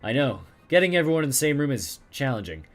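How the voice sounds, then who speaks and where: A man quietly reads the lines of a nasal woman with a heavy smoker's voice, talking business over a phone in a video game. She is cool and matter-of-fact, giving little away. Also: medium pitch, sing-song, fast talker, natural voice. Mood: businesslike.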